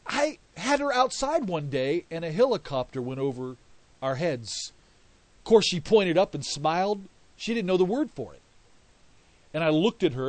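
A man's voice: a little high, dry recording. A middle-aged man preaching a sermon with passion, repeating phrases for emphasis and swelling in volume on key words. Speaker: pastor.

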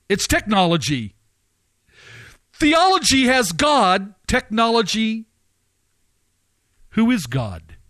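A man preaching and commenting, firing off rhetorical questions with his pitch swinging up and down. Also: a bit bright, no echo.

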